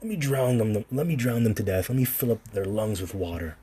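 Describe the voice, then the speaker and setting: A man voicing a vengeful male deity gloating over a flood, in a mocking, chuckling way, with a husky tone. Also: lowish voice, brisk, mellow.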